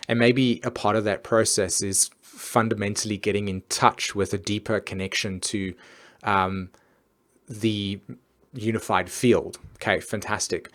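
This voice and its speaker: A man hosting an astrology live stream, talking earnestly and casually with many fillers and restarts. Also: lowish voice.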